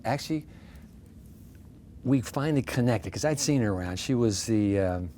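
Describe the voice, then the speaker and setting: A pastor in his sixties, guest in an interview, telling stories in a lively way with self-deprecating humor. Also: mid-range voice, moderate pace, slight background noise. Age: 60s. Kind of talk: storytelling in a casual interview.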